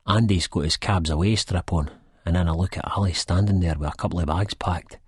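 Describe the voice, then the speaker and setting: A Scottish man with an Edinburgh accent narrates an audiobook in rambling, slangy first person. His voice sits very low and sounds husky. The recording is dry and close, with no room around it. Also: a little fast, no echo. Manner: rambling, slangy storyteller with a wistful edge.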